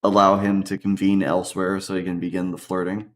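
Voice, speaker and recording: A man's voice: low voice, little pitch movement, brisk. A man playing a tabletop game, describing his actions hesitantly with fillers. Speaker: player.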